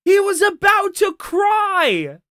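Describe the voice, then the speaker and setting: A woman's voice: extremely high pitch, big pitch swings, slow, fairly bright tone, dry recording, clean studio sound. A woman doing casual reaction commentary over a stream clip, mocking and profane, repeating her jabs.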